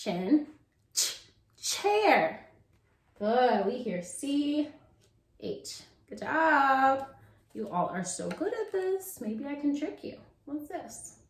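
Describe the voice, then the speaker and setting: A woman teaching a children's phonics lesson in a playful, sing-song way, slowly sounding out letters. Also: a little high, sing-song. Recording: echoey room.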